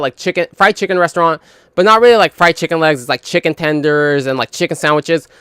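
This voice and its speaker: A man's voice: fairly high pitch, fairly bright tone, clean tone, no echo, studio quality. Swearing young man, rambling storyteller. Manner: rambling, heavy swearing, frequent "like" fillers; mimics others in quoted dialogue. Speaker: gaming channel host. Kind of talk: casual storytelling.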